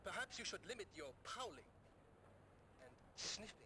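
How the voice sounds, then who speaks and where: A cold, aristocratic baron who speaks in a stiff, formal manner with a put-on German accent. His voice sits a little high, and there is noticeable noise in the game audio. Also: very animated, normal speed, pushed and bright, heavily acted. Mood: haughty.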